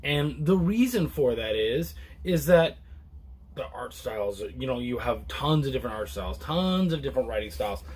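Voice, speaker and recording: A man reviewing a comic book in a casual, relaxed chat to camera, rambling with many restarts and fillers. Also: normal speed, husky. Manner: relaxed and low-key.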